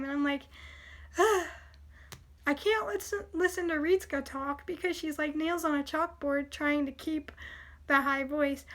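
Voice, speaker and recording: A woman's voice: sits high, fairly bright tone. A woman reviewing anime in casual chat, blunt and opinionated, with lots of "like" fillers.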